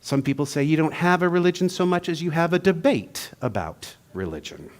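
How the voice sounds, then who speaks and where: Brief: male preacher, lively pitch swings, playful joke-telling sermon delivery. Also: fairly quick. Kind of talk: humorous sermon.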